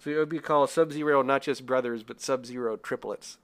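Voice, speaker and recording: A man's voice: mid-range voice, steady tone, brisk. A young man co-hosting a casual podcast, talking in a rambling, self-deprecating way with frequent laughs. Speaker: podcast co-host. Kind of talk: casual film review chat.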